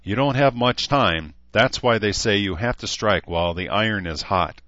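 Guy playing a gruff old blacksmith barking tips, deep low voice, dry dull sound. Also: normal speed, fairly bright tone, no room sound, close to an everyday voice. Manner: growling, instructive. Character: gruff older male blacksmith, stern teacher.

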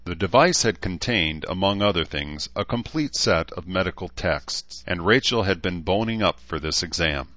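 A man narrates a novel in a very low voice, raising it to play the characters' dialogue. The recording is dry with no room sound and a slightly dull, muffled tone. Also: animated, moderate pace, few pauses, bright, forceful tone, dry recording. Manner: acts out characters' lines with raised pitch and force. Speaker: audiobook narrator. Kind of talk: scripted narration.

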